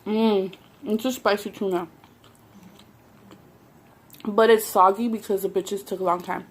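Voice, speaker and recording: A woman's voice: mid-range voice, measured pace, slight background noise. A young woman with a Southern Californian accent, telling blunt, profane stories while eating for her vlog. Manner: blunt, profane, animated storytelling. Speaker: mukbang vlogger. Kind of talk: casual storytelling while eating.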